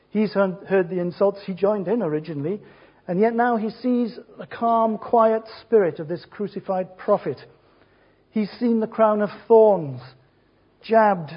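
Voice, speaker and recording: A man preaching a sermon, emphatic and rhetorical, speaking in short phrases with pauses between them. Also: high-pitched, slightly rough. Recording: dull lo-fi sermon recording.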